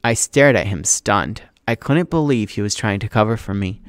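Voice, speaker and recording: A man's voice: on the low side, moderate pace, clean tone, no echo, clean studio sound. Man teacher reading a novel aloud. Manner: expressive, acting out the dialogue.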